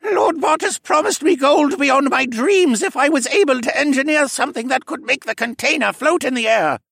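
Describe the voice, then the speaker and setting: A man voicing a nervous male alien scientist who confesses under compulsion, in a high gravelly voice. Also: normal speed, fairly bright tone, no room sound, studio quality, heavily acted. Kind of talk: audiobook character voice.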